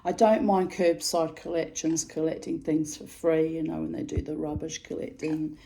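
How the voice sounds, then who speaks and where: A woman's voice: sits low, level tone, moderate pace, gravelly, dark tone, poor audio. A middle-aged woman telling a personal story to camera in a frank, aggrieved way, swearing freely. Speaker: video storyteller.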